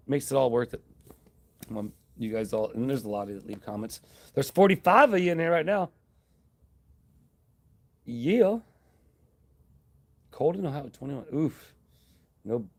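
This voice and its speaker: A man hosting a casual live stream, rambling in a relaxed, friendly way, reading out viewer comments and thanking them. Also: mid-range voice.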